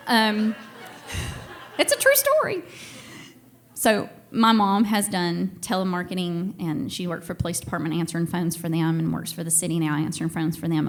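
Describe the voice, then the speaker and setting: Southern woman telling a story on stage. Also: lowish voice. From Tennessee and Georgia. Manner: chatty and self-deprecating, laughing often. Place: stage before a live audience.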